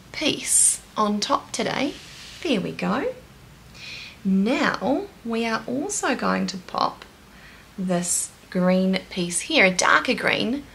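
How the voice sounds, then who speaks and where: A woman's voice: on the high side, vocal fry, a bit bright, slight background noise. A woman with a New Zealand accent teaching toddlers in a sing-song, encouraging way, with delighted gasps. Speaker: children's teacher. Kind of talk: slow, animated toddler lesson.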